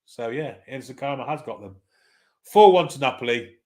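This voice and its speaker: Male host, casual live match calling, wry and chatty, mid-pitched voice. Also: expressive, normal speed, a little mellow. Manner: laid-back, chatty, wry. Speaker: watchalong host. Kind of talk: casual live match commentary, reading chat.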